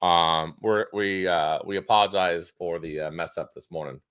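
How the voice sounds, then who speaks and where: A man co-hosts a casual live stream, rambling loosely with frequent restarts and many uhs. His voice is low, smooth, a bit bright and fairly even in intonation, at a normal speed with no room sound.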